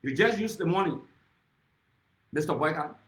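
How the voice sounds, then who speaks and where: Fiery high-voiced Liberian man. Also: animated, normal speed, fairly bright tone, reverberant, rough recording. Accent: Liberian English. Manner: accusatory, repeatedly addressing his target by name. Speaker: political speaker. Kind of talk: impassioned political speech.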